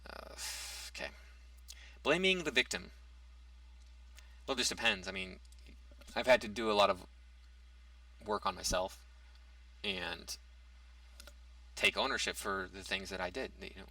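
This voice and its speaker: A man's voice: deep voice, vocal fry, sharp tone, no echo, far from the mic. A man in a casual opinion monologue, reading out topics and rebutting them, with hesitant restarts. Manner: argumentative, reads out a topic then rebuts it. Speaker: commentary vlogger.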